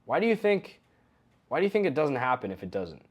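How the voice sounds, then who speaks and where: A young adult man giving a recorded coaching lesson in a relaxed, conversational way, often acting out example phrases. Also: mid-range voice, fairly quick. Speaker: coaching course instructor.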